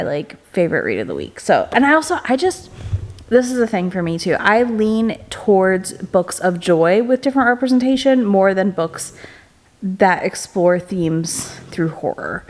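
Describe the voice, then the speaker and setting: Young woman, book vlogger, chatty, upbeat, filler words, casual home vlog. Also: mid-range voice. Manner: hushed late-night whisper. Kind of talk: casual reading vlog chat.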